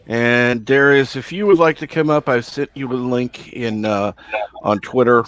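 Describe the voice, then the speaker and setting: A man's voice: medium pitch, a little slow, fairly bright tone, no echo. Easygoing male host, dry sound. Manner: easygoing, rambling anecdote. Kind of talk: casual chat.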